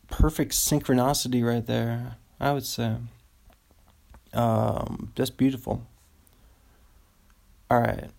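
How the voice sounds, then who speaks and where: A man's voice: mid-range voice, gravelly, a little mellow. A man hosting a solo podcast, rambling and amused with himself as he cheers on his own jokes. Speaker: podcast host.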